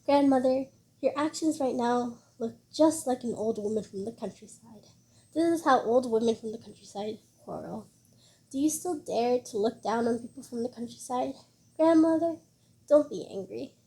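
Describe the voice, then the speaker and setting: A composed young country girl, read by a woman, who speaks calmly and politely but makes every point land. Her voice is slightly high and mellow, and she never raises it. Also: moderate pace, natural voice. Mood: calm retort. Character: calm, sharp-tongued young country woman.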